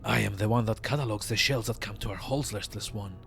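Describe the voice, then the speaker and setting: A man voicing a frail, ancient male mortuary scribe in a raspy, grave, slow voice while reading game dialogue aloud. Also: lowish voice, a bit bright, slight background noise. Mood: solemn. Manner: slow solemn speech broken by coughing rasp.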